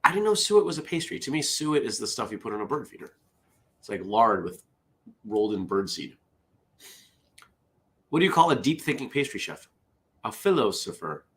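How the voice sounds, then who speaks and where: A man's voice: medium pitch, big pitch swings, moderate pace, pauses often. A man hosting a casual solo morning show. He rambles, interrupts himself, and drifts into side stories between the jokes he reads aloud.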